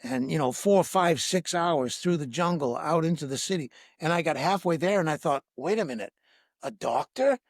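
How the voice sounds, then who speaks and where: A man's voice: on the high side, fairly quick, few pauses, no echo, studio quality. A man, a breathwork teacher and podcast guest, telling a personal story and acting out the dialogue. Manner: lively anecdote with acted-out dialogue. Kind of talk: storytelling in conversation.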